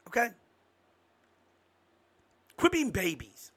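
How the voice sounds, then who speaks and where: Host, male, high bright voice, fired-up political rant with loud jumps. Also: lively intonation, a little slow, long pauses. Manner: emphatic, rising to sudden loud outbursts. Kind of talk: impassioned political monologue.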